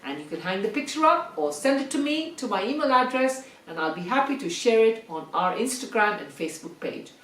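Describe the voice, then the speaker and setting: A woman telling a story to children, animated and talking directly to her young listeners. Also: a little high, fairly quick, few pauses, distant mic. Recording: roomy echo, set back from the mic.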